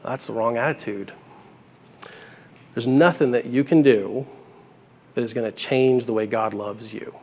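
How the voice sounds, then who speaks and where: Earnest young preacher in echoing hall. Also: male voice, mid-range voice, measured pace, long pauses, a little mellow. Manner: earnest, conversational, builds to bursts of emphasis. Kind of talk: sermon. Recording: echoey hall with long reverb.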